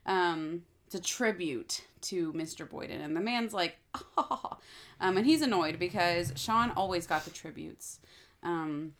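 A woman's voice: fairly low pitch, a little slow, a bit bright. A woman co-hosting a podcast, casually recapping a TV episode, rambling with lots of fillers and acting out characters' lines. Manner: rambling, many fillers, acts out lines in quotes. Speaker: podcast co-host.

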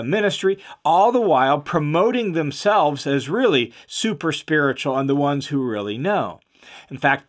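A man giving an explanatory Bible lesson in a conversational, steady way, with frequent fillers and restarts and stress on key words. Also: a little high. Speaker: Bible teacher.

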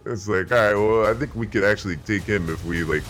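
A man's voice: fairly low pitch, fast, fairly bright tone. A man co-hosting an improv comedy show, laughing through his lines and blustering as a goofy villain. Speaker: co-host.

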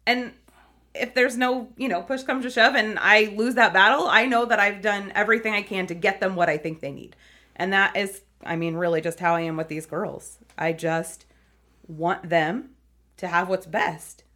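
A woman's voice: medium pitch, normal speed. Earnest woman telling a foster story. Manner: earnest, animated storytelling with frequent laughs. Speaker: foster parent and teacher. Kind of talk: conversational interview.

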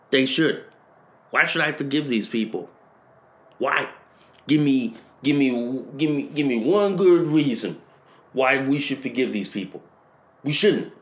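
A man hosting a podcast, ranting and hammering the same phrases over and over, rising to shouted peaks. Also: mid-range voice. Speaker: podcast host. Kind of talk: political rant.

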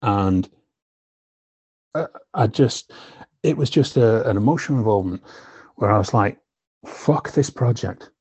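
Husky low-voiced man, raw candid storytelling. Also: expressive, moderate pace, long pauses, a little mellow, no room sound. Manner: emotional, swears often, frequent "you know". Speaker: filmmaker guest. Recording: slightly dull lo-fi recording.

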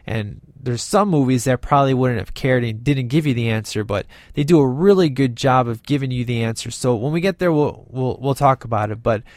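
A man's voice: mid-range voice, fairly quick, few pauses, darkish tone, no echo. A man casually reviewing a movie with enthusiasm, retelling scenes and acting out the characters' lines as he goes.

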